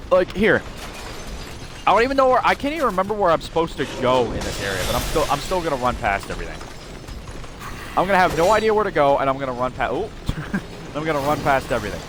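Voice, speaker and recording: A man's voice: mid-range voice, background noise. Rambling man ranting over gameplay. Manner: rambling, restarts often, self-interrupting. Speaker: gaming video creator. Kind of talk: unscripted gameplay rant.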